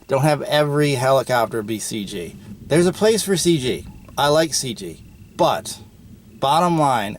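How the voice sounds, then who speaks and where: Man, podcast host, casual movie review, opinionated, chatty with ums and uhs, mid-pitched voice.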